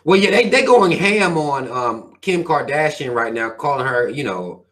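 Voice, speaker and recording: Man, vlog host, heated profane rant, lively swooping pitch, a bit high. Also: moderate pace. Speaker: channel host reading viewer comments. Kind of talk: casual rant to viewers.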